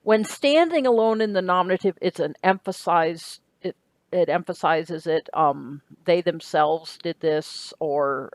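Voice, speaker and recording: A woman's voice: fairly low pitch, no echo. A woman giving a recorded grammar lecture, explaining step by step, asking "right?" now and then and correcting herself as she goes. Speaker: Greek grammar teacher.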